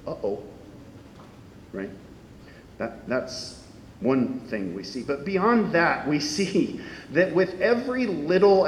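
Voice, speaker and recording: In a hall that echoes and carries a faint rumble, a man preaches a sermon as a pastor. He speaks in an animated, conversational way and poses rhetorical questions.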